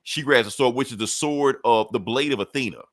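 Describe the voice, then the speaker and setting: A man's voice: medium pitch, a little fast, no echo, studio quality. A man on a podcast casually retelling a comic book story, loose and profane, laughing often. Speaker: podcast co-host.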